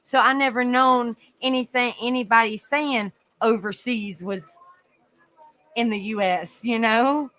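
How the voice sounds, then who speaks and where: A woman's voice: a little high, steady tone, measured pace, a bit bright, low-quality recording. A woman hosting an open panel in casual chat, rambling with lots of fillers and frequent giggles.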